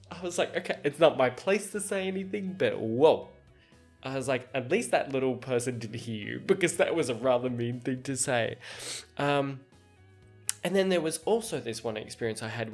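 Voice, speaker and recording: A man hosting a podcast, telling a work story in casual chat, laughing often and acting out what people said. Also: medium pitch. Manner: animated, laughs often, acts out quoted dialogue. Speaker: podcast host.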